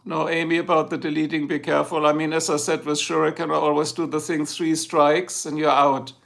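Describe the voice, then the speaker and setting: A middle-aged German man with a gravelly, somewhat high voice, hosting a live stream. He speaks English with a clear German accent and rambles loosely, turning again and again to talk straight to his chat. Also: flat delivery, fairly quick, fairly bright tone. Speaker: livestream host. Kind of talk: casual livestream chat.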